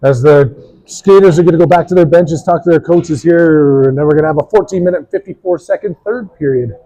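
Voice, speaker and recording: A man doing play-by-play for a youth hockey game, brisk and joking, reading sponsor spots between plays. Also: on the high side, mellow, muffled recording. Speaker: play-by-play commentator.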